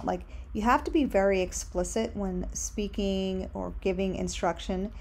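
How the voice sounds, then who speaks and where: A woman's voice: medium pitch, moderate pace, few pauses, darkish tone, a little hiss or hum. A young woman talking casually as she clicks through design tools in a tutorial, upbeat and full of recommendations. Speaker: candle brand owner. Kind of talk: screen-share tutorial.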